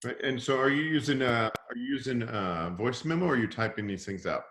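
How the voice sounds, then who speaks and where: A man with a middle-pitched voice hosts a team call and rambles casually. He restarts often and leans on "you know". The sound has a roomy echo. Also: a little fast, fairly bright tone. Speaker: team leader hosting the call. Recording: echoey room sound.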